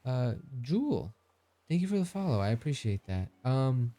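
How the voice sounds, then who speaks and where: A man in his thirties chats casually on a live stream, joking, laughing often and reading chat messages aloud. His medium-pitched voice is mellow and very animated, at a normal speed.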